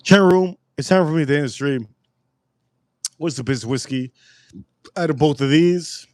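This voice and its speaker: A man hosting a casual livestream, rambling through stories loudly and with lots of swearing. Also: fairly high pitch, unhurried, no room sound. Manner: rambling storytelling, loud and profane. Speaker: livestream host.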